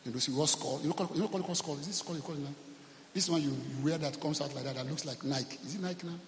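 A man preaching a sermon as pastor, animated, acting out quotes and calling out to the congregation. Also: a little high, fast talker, vocal fry, a little hiss or hum. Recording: long hall reverb.

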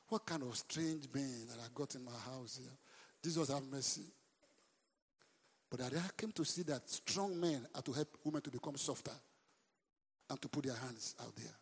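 A man preaching a sermon as a pastor. He speaks with lively emphasis, throws questions at the congregation and breaks into sudden shouts. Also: mid-range voice, moderate pace, vocal fry, husky. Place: church hall. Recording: long reverb of a large hall.

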